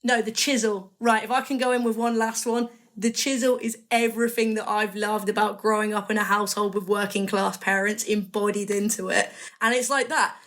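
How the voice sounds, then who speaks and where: A woman talking as a guest on a casual interview podcast. She rambles with real enthusiasm and often breaks off to correct herself mid-sentence. Her voice sits at an ordinary middle pitch. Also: fairly even intonation, brisk, fairly bright tone. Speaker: magazine editor guest.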